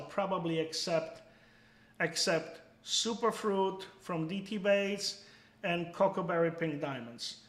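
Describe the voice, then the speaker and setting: A man's voice: high-pitched, fairly bright tone, roomy sound. A man hosting a casual live stream, answering viewers bluntly and emphatically, dropping "okay?" after his points and swearing freely.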